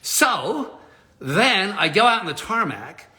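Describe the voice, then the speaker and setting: Man, fairly high and bright voice, lively live-stream storyteller with laughs and casual swearing. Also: takes it slowly. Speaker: motivational speaker.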